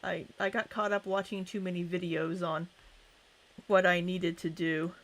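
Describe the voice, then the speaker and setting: A woman's voice: fairly low pitch, flat delivery, moderate pace. A young woman hosting a casual livestream, chatting and greeting viewers by name. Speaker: livestream host.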